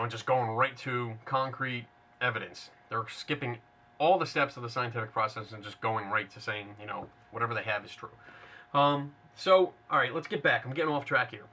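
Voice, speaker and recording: Blunt, bright-voiced man ranting casually. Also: mid-range voice. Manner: blunt, sarcastic, rambling with restarts. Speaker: paranormal skeptic host. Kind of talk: casual unscripted monologue.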